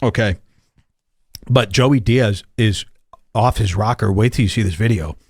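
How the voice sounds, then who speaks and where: A man's voice: on the low side, measured pace, a little mellow, breathy edge, dry recording, clean studio sound. A man hosting a podcast, telling rambling, sarcastic stories in a casual comedic chat. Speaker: podcast host.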